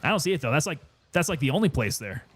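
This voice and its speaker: A man with a slightly higher-than-usual voice gives loose, chatty commentary as he plays. He talks easily to his viewers, now and then short of breath. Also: fast, slightly rough. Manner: relaxed, chatty, sometimes winded. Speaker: gaming streamer. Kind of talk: casual gameplay commentary.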